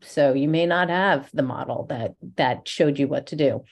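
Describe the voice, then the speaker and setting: Podcast host, a woman, low voice, eager and chatty. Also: moderate pace. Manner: enthusiastic, rambling with restarts. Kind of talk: casual interview chat.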